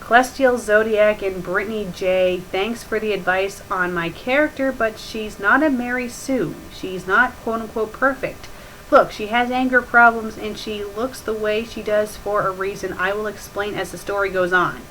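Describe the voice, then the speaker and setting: A woman with a bright, tense voice reads a story aloud in a deadpan tone, then snaps into mocking, exasperated commentary. She plays the sarcastic host of a critique show. A faint hiss sits under the recording. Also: medium pitch, normal speed, low-quality recording. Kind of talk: sarcastic dramatic reading with commentary.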